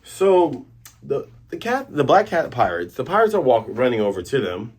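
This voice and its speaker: A husky-voiced man recaps a comic chapter in loose, rambling commentary. His pitch moves lively up and down, and he stops to correct himself often. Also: normal speed. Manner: rambling, laughs at own voices, self-corrects. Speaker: manga review host.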